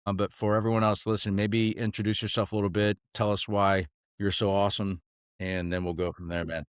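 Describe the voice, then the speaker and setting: A man's voice: lowish voice, level tone, fairly quick, clear, resonant tone, no room sound, clean studio sound. A man hosting a podcast, opening with playful, joking banter. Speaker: podcast host. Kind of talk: casual podcast chat.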